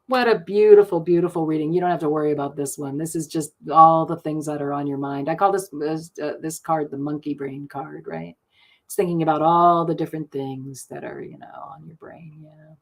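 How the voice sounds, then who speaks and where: Middle-aged woman card reader, slightly low voice, warm gushing live-stream chat, laughs easily. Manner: gushing and chatty, laughs often. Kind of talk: casual live card reading.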